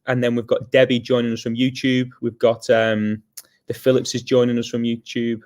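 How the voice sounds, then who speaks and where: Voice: mid-range voice, level tone, normal speed, darkish tone. A co-host on a church livestream, greeting viewers by name in an upbeat, casual way.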